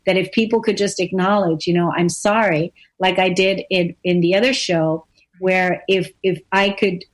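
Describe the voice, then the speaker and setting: A woman's voice: fairly low pitch, steady tone, moderate pace. A woman hosting a radio talk show, speaking earnestly in a loose, rambling way, with many fillers and repeated phrases. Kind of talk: casual conversation.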